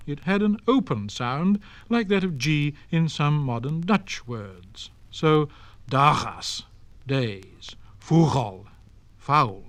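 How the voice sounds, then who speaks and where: A man lectures in a precise, deliberate way, his pitch sitting a little high and moving a great deal. He slows down carefully to sound out example words. The recording is a dry, close 1960s studio LP. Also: no room sound. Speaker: lecturer on Old English. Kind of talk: scripted spoken-word lecture.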